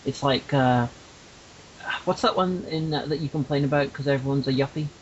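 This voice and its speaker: A man from Northern Ireland co-hosting a podcast in casual chat, hesitant and halting as he talks. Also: mid-range voice. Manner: hesitant, many fillers and restarts. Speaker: podcast co-host. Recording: lo-fi with faint hiss.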